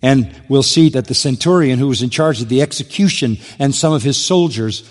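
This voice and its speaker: A man's voice: mid-range voice, brisk, in a large hall. A man preaching an expository sermon, emphatic, rising to stress key points. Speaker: pastor.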